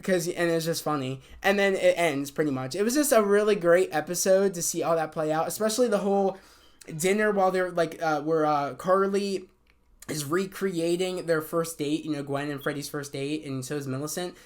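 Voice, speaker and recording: A man's voice: fairly high pitch, normal speed. A young man casually recapping a TV episode, rambling with lots of fillers and restarts. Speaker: show reviewer.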